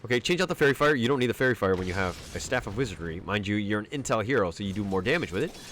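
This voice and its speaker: Animated man coaching over a game replay. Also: fairly low pitch, very fast, a little hiss or hum. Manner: animated, exclaims and repeats urgent commands. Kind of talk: replay analysis commentary. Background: music.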